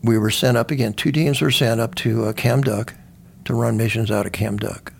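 A man's voice: medium pitch, fairly even intonation, normal speed, vocal fry, slight background noise. An older man, a veteran guest, telling stories in a rambling, conversational way, often restarting his sentences and swearing now and then. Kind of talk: conversational storytelling.

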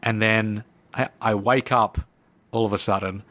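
A man, a podcast guest, telling a personal story in animated conversation and acting out his own past lines. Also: fairly low pitch, unhurried. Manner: lively narrator who acts out his own past lines. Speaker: podcast guest, coach and speaker.

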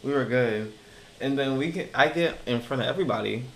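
A young man co-hosting a podcast, with a mid-range voice and a dramatic, expressive way of telling stories. The room sounds echoey, with faint noise behind him. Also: mid-range voice, fairly quick, gravelly. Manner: expressive, dramatic storytelling with laughs. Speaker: podcast co-host. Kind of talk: casual chat.

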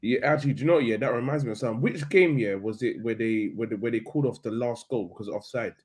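Husky guy in a footy chat, keeps pushing questions, normal pitch. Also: fast talker. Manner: questioning, probing. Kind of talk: casual football chat.

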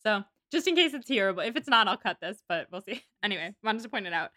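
Chatty bright-voiced woman podcaster. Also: mid-range voice, lively intonation, no echo, studio quality. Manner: chatty, reads passages aloud, quick asides. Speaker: podcast co-host. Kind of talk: casual book-discussion chat. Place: apartment room in a city.

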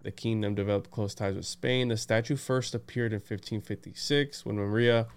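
A man hosting a casual podcast chat, excitable and laughing, reading aloud from notes. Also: on the low side, moderate pace, clear, resonant tone. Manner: excited, laughing, says "bro" and "dude". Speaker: podcast host.

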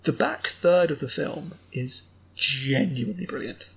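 A man co-hosting a film podcast, opinionated and animated, his voice jumping up in pitch when he rants. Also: measured pace, gravelly, slight background noise, low-quality recording. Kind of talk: casual film review chat.

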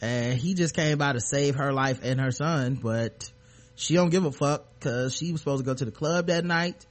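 A male podcast host in casual chat, recapping a TV episode with profane, animated retellings and acted-out quotes. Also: mid-range voice, normal speed.

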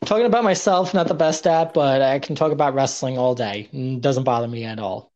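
A man's voice: medium pitch, brisk, darkish tone, dull audio. A young man spins long casual stories as a podcast guest. He talks in a mid-range voice, rambling and self-deprecating, stumbling through restarts and filler words. He comes across as easygoing and chatty. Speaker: guest, indie wrestler. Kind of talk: casual storytelling interview.

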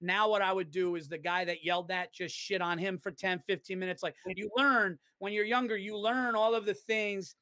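A man's voice: high-pitched, dry recording, studio quality. A man who is a stand-up comedian, chatting casually as a guest and acting out quotes as he tells stories. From New York. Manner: animated storyteller, swears freely, acts out quotes. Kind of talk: casual podcast chat.

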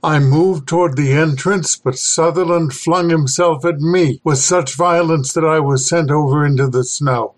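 A man reading a horror story aloud as the podcast host, slow and deliberate. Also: a little high, rough recording. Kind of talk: scripted horror narration.

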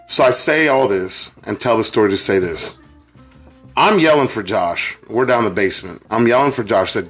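A young man tells a long story on his podcast, acting out the voices as he goes. His pitch jumps around a lot and he laughs his way through it. Faint music sits behind him. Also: moderate pace, slightly rough. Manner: animated, laughing through his own story, acts out quotes. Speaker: podcast co-host. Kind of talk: casual storytelling chat.

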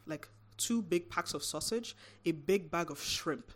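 A young woman from Nigeria co-hosting a casual podcast chat, telling animated stories with sudden high squeals. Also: a little slow. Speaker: podcast co-host.

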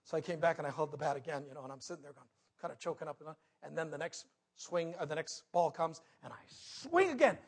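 A man preaching a sermon, telling a personal story with big swings between loud outbursts and hushed moments. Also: a little high, expressive, fast, slightly rough. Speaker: pastor.

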